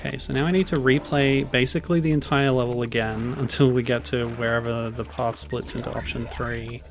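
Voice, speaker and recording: A man's voice: mid-range voice, steady tone, fairly quick, noisy background. A man streaming a video game, chatting casually and rambling off on tangents as he plays. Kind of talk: casual gameplay commentary. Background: game music.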